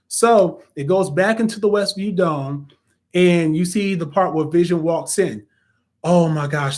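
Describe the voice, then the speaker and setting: A young man hosting a casual spoiler review of a TV episode, excitable and animated, often acting out reactions. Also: high voice, a little slow. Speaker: reviewer and host.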